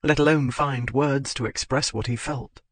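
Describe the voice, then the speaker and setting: A man narrating a historical romance audiobook in a steady, measured reading. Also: mid-range voice, no echo.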